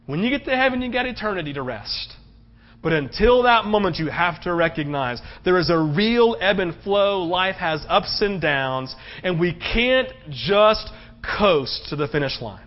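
Emphatic pastor preaching, lo-fi recording. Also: male voice, a little slow. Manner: emphatic preaching, rising to loud, high-pitched peaks; animated storytelling with frequent "right?" asides. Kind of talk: sermon. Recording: dull, lo-fi sermon recording.

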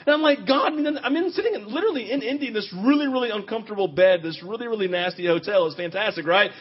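A man preaching a sermon in an animated, confessional way, swinging between loud outbursts and quiet, intimate stretches. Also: sits high, quick pace, breathy edge, dull audio.

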